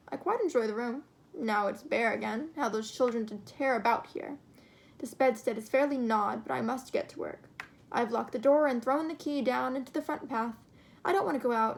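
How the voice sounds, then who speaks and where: A woman reading a short story aloud in an expressive, steady storytelling manner. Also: on the high side, vocal fry. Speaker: reader.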